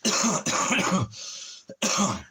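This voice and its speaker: A man talking softly to his dog in doting, repetitive baby talk, now and then addressing his viewers. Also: high-pitched, huge pitch swings, extremely slow, breathy edge. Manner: soft, doting baby talk with repeated phrases. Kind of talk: casual talk to a pet.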